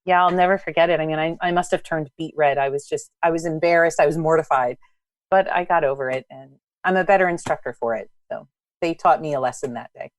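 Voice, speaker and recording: A woman in her thirties recounts teaching mishaps with lively energy. Her voice sits on the lower side, recorded dry and close. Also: fast, no room sound. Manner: animated, acts out past dialogue. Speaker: biology instructor, guest. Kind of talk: storytelling in conversation.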